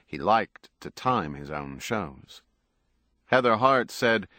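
A man reading a novel aloud as narrator, in a measured, even manner. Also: fairly low pitch, no room sound, studio quality. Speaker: audiobook narrator. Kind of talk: scripted narration.

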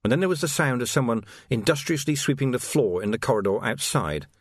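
A man's voice: medium pitch, lively intonation, fast talker, dry recording, studio quality. A man narrating an audiobook expressively, acting out the characters.

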